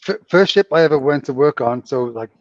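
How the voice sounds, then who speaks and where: A man in his fifties telling stories in a casual chat, animated and laughing often. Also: a little high, fairly quick, no echo, dull audio. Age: 50s.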